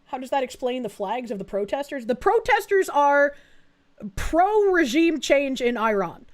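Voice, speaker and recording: High-voiced woman, blunt and sarcastic. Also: very animated, moderate pace. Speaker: streamer. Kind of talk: live reaction commentary.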